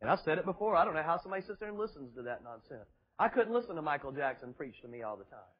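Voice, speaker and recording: A man's voice: a little high, very animated, very fast, slightly rough, highs cut off. A man preaching a fiery sermon to a congregation, emphatic and full of rhetorical questions and mocking asides. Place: church before a congregation.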